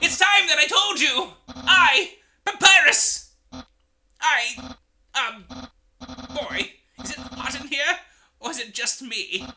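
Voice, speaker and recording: Papyrus, a booming bragging skeleton. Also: male voice, slow pace, pauses often, soft background music, full character voice, poor audio. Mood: dramatic. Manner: loud, theatrical, self-aggrandizing proclamations. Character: boastful excitable skeleton man. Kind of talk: voicing game dialogue in a let's play.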